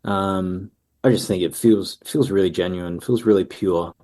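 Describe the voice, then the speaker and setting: A relaxed man in his thirties talks through his answers in an easygoing way. His voice sits low and mellow, with frequent pauses and ums. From Australia. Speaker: musician guest. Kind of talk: casual interview answers.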